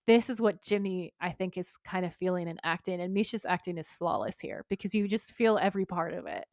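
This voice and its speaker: A woman's voice: lowish voice, fairly quick, a little mellow, dry recording, studio quality. A woman co-hosting a podcast, animatedly retelling a TV episode in casual chat and swearing freely. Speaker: podcast co-host.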